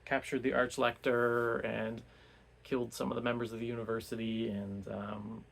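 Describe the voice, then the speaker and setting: A man's voice: mid-range voice, flat delivery, normal speed, gravelly, fairly bright tone. A man giving a casual, rambling recap of a novel for a book club, full of restarts and fillers.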